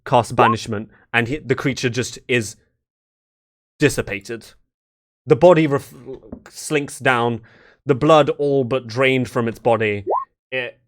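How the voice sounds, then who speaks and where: A young man narrating a tabletop game as dungeon master, loose and full of fillers. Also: mid-range voice. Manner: loose, with many fillers and restarts.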